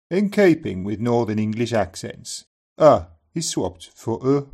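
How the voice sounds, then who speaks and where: A man teaching an accent lesson in scripted narration, saying each example word slowly and carefully, often twice. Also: mid-range voice, big pitch swings, darkish tone, breathy edge.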